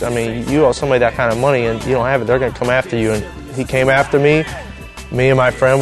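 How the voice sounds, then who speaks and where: A young man telling his personal testimony in an earnest, halting way, with frequent restarts and fillers. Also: medium pitch. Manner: earnest, halting, emotional storytelling.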